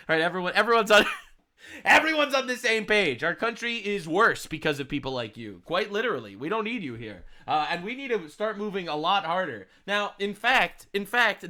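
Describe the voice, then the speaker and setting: A man giving loud, mocking, profane political reaction commentary, laughing at the clips he plays. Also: high voice. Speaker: commentary streamer.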